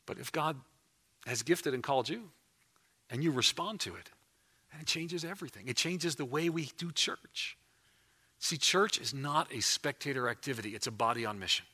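Animated preacher with a bright voice. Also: male voice, medium pitch, normal speed. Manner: animated, emphatic, often restarts phrases. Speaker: pastor. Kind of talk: sermon. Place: church before a congregation.

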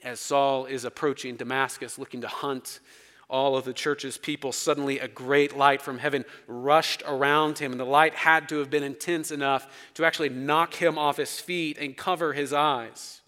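A man's voice: medium pitch, fairly even intonation, normal speed. Emphatic male preacher in a reverberant hall. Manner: emphatic, dramatic swings in loudness. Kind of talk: sermon. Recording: long reverb of a large hall.

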